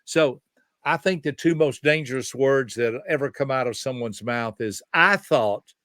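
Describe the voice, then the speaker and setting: A man's voice: mid-range voice, fairly even intonation, normal speed, no echo. Older man in his seventies, emphatic teaching tone, rhetorical questions, dry close sound. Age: 70s. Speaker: behavior specialist guest. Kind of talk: conversational teaching.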